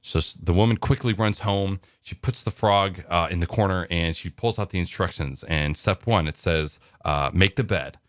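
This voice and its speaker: Man, deep voice, casual morning vlog, rambling with fillers, dry sound. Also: normal speed, hardly any pauses, clean tone, dry recording. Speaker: vlogger.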